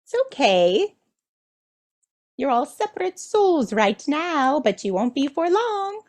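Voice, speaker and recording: A woman's voice: sits high, very animated, slow, a little mellow. A woman channeler delivering a spiritual message as a collective "we", playful and enthusiastic, often checking in with her listeners. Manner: teasing, checks in with "do you see?".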